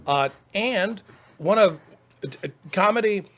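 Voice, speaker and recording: A man's voice: high voice, animated, slow pace, fairly bright tone. A man co-hosting a live stream, chatting about old movies in a hesitant, dry way with many fillers. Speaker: podcast co-host. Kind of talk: casual chat about movies.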